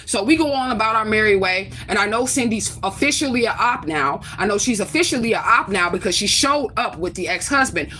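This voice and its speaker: A woman's voice: medium pitch, animated, fairly quick, hardly any pauses, pushed and bright, a little hiss or hum. Woman vlogger from St. Louis, blunt and cursing, mid-range voice, hammers her points with rhetorical questions. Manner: profane, emphatic, repeated rhetorical questions. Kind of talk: casual talk to camera.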